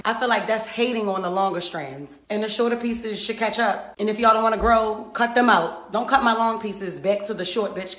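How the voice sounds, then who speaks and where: A woman's voice: medium pitch, fairly bright tone. A young woman comedian ranting sassily and profanely in short comic clips. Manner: sassy, profane, rapid comic rants. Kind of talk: comedic social media clips.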